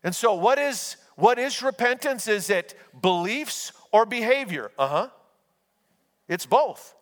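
A man's voice: high voice, animated, unhurried, a bit bright, long reverb tail. A man delivering a conversational sermon as a pastor, often restarting phrases and acting out small stories. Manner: conversational preaching with repeated restarts and acted-out anecdotes.

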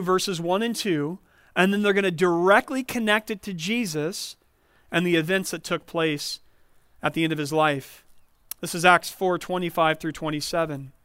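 A man preaching a sermon as a pastor, explaining scripture in a measured, teaching manner. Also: sits high, a bit bright, clean tone, no room sound, clean studio sound.

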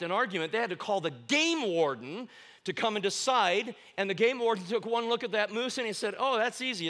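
Bright-voiced preacher. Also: male voice, sits high. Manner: animated storytelling with sudden loud exclamations; asks the congregation questions and pauses for answers. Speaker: guest preacher. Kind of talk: sermon. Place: church sanctuary.

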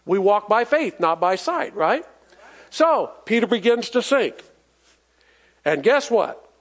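A man's voice: high voice, big pitch swings, slow, a bit bright. A man preaching a sermon in a folksy, emphatic way, asking the congregation for responses and chuckling as he goes.

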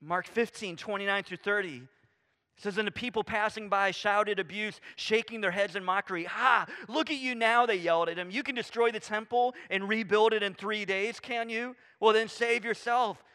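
A man preaching a sermon, animated and conversational, acting out quoted voices and dropping to a hush for emphasis. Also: sits high, moderate pace, smooth. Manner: animated, swings from loud emphasis to hushed near-whisper; acts out quoted voices, casual fillers like "I mean" and "right?". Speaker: pastor.

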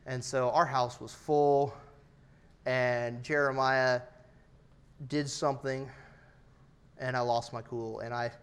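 A man in his thirties preaching an earnest, personal sermon, his loudness rising and falling for emphasis. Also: medium pitch, level tone, takes it slowly, pauses often, clear, resonant tone. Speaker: pastor.

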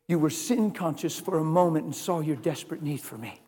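A man preaching a sermon, telling a personal story and swinging from hushed, soft lines to loud, emphatic ones. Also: on the high side, animated, normal speed, few pauses, slightly rough, big-room sound.

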